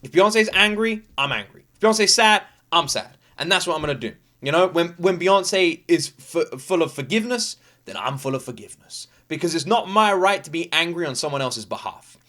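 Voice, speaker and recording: A young British man from the UK, chatting excitedly as a reaction video host, quick to laugh and full of fillers. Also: fairly high pitch. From United Kingdom. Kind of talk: casual reaction commentary.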